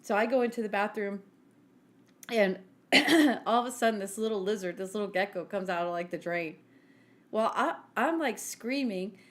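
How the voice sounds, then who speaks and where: A woman co-hosting a podcast, telling self-mocking stories in an animated casual chat. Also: mid-range voice, normal speed. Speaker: podcast co-host.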